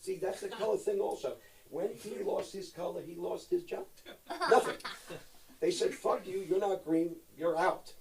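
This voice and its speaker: A middle-aged man rambles through a joking chat, his voice sitting a little higher than most men's. He jumps from mumbled asides to loud, profane bursts. He sounds a little distant from the mic. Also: moderate pace, gravelly. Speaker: actor guest. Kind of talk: joking live-stream chat.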